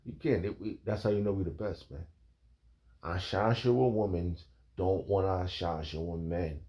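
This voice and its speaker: In a low, warm voice and at a measured pace, a man preaches informally, reading scripture and rambling emphatically while addressing his listeners as "man" and "bro."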